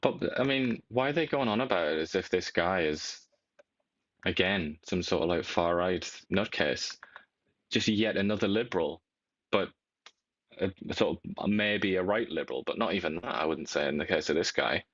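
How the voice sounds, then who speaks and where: Male co-host, low voice, reflective and measured, dull dry lo-fi audio. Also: a bit bright, no room sound. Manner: reflective, measured, tag questions. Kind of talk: political talk show commentary.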